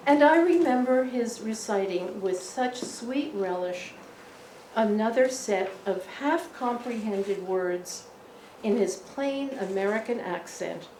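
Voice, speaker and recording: An older woman, a poet, reading a prepared memoir aloud at a memorial event, slow and expressive with occasional laughs. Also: medium pitch, slight background noise. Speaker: poet giving a memorial talk. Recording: echoey room, heard from a distance.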